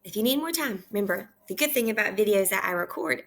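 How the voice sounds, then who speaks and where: A woman teaching kindergarten, reading aloud slowly and clearly in a repeat-after-me lesson from her kitchen at home. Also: mid-range voice, expressive, a bit bright. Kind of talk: slow read-aloud lesson for young children.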